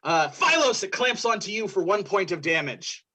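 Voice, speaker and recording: A man's voice: sits high, big pitch swings, normal speed, sharp tone, breathy edge. A man narrating a tabletop game as game master, improvising loosely with restarts.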